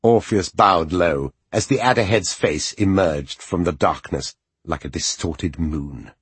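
A man reading an audiobook as its narrator, in expressive, measured storytelling. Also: low-pitched, breathy edge, no echo.

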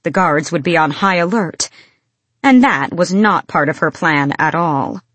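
A woman narrating an audiobook with a measured, expressive delivery. Her voice is on the low side for a woman. It is recorded close and dry, with no room sound. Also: dry recording. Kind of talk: scripted fantasy narration.

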